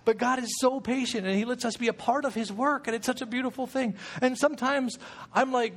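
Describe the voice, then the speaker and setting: A man's voice: very high-pitched, steady tone, a little fast. A middle-aged man giving a casual, jokey sermon as guest preacher, often acting out quoted voices.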